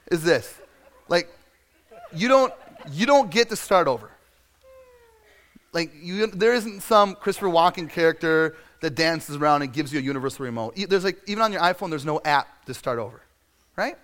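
A man preaching a sermon in a conversational, storytelling way, acting out scenes and sometimes shouting for effect. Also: a little high, lively intonation, moderate pace. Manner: conversational and self-deprecating, with frequent fillers. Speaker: pastor.

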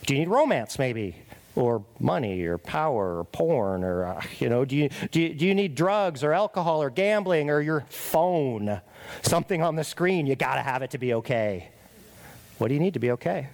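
A middle-aged man preaching a sermon as pastor, confessional and emphatic, tagging points with "right?" and dropping to a quiet, earnest voice in prayer. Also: mid-range voice, very animated, moderate pace.

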